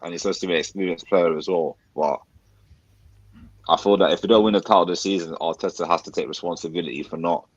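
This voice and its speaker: A man co-hosting a football chat, giving his opinions in a measured, casual way with a few restarts. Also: low voice, steady tone, lo-fi sound. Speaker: football podcast co-host.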